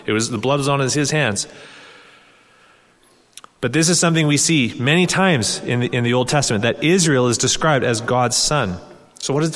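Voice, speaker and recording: A man delivers a sermon at a medium pitch, teaching earnestly and lifting his voice as he reads scripture. His words ring out with a long reverb that trails through the hall around him. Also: a bit bright. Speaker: pastor.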